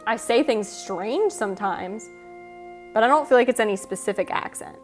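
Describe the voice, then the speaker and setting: A woman's voice: a little high, animated, normal speed. An American woman with a Michigan accent, chatting casually on a livestream and answering her chat in a chatty, self-teasing way. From United States. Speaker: streamer. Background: faint background music.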